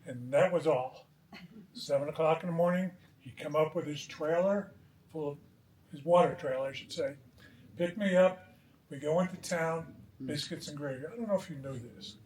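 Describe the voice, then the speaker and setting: A man's voice: a little high, moderate pace, darkish tone, a little hiss or hum. A man giving a joking eulogy outdoors at a memorial gathering, telling stories with a chuckle. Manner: chuckling anecdotal storytelling. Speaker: eulogy speaker. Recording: echoey, distant, crowd behind.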